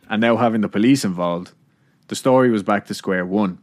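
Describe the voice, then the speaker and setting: A man's voice: on the low side, fairly quick, darkish tone, soft background music. A man hosting a podcast, casually narrating a story with laughs and swearing. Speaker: podcast host.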